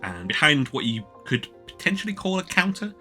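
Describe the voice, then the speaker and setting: A man's voice: fairly high pitch, big pitch swings, fairly quick, sharp tone, soft background music. A man narrating a tabletop role-playing game as game master, casual and meandering, with many fillers.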